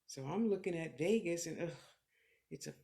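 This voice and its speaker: A woman's voice: fairly low pitch, animated, moderate pace, gravelly, warm tone. Candid earthy middle-aged woman. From California. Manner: candid, earthy, swears freely, talks in short reflective bursts. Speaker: clairvoyant medium answering viewers. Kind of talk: live-streamed motivational talk and readings.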